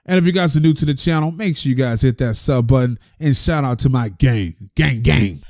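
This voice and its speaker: A man hosting a casual celebrity news commentary channel, chatty and animated, talking straight to his viewers. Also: medium pitch, a little fast, few pauses, no room sound, studio quality. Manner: animated, chatty, addresses fans directly.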